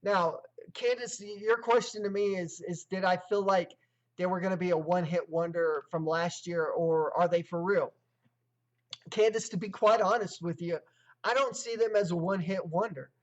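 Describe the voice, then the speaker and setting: A man's voice: sits high, fairly even intonation, moderate pace, muffled recording. A man hosting his own sports show, reading game statistics in clipped lists and then giving emphatic opinions. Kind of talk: solo sports commentary livestream.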